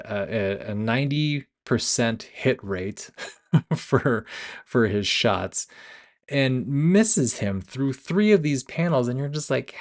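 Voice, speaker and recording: A young man hosting a casual film review podcast, retelling scenes with laughs, restarts and self-corrections. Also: mid-range voice. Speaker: podcast host. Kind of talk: casual movie review chat.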